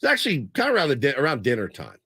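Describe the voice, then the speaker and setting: Rambling storytelling radio host, dry sound. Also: male voice, medium pitch, huge pitch swings, rapid-fire, sharp tone, slightly rough, no echo. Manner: rambling storyteller, imitates people he quotes. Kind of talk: casual sports radio chat. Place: radio studio. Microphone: studio microphone.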